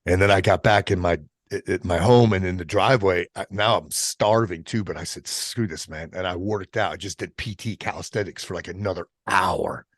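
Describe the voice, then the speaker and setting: A middle-aged man, a military veteran guest on a podcast, telling a personal story in a casual, profane way, halting and restarting as he goes. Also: deep voice, steady tone, no room sound, studio quality. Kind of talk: candid storytelling in an interview.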